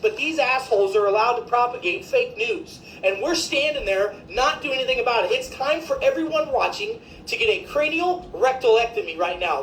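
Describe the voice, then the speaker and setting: A woman physician, delivering an indignant, emphatic, profane rant to her viewers. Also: high-pitched. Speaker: physician commentator. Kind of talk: ranting video commentary. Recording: echoey room, faint background noise.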